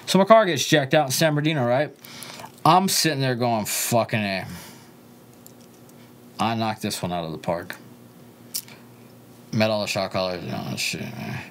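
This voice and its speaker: A young man telling a rambling, profane story, swinging between loud asides and low muttering. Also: normal speed, pauses often, slight background noise. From Southern California. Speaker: interview guest.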